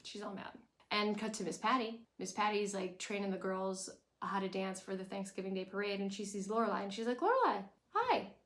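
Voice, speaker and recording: A woman's voice: medium pitch, little pitch movement, fairly quick, a bit bright. A woman giving a casual, chatty episode recap with a sarcastic edge, full of "like". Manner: chatty, sarcastic, says like a lot. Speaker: recap vlogger.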